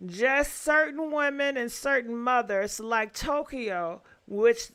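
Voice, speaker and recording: A woman with a high, bright voice hosts a live gossip call-in show. She speaks slowly and chats in an encouraging way with her callers. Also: smooth. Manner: chatty, encouraging toward callers. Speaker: gossip channel host.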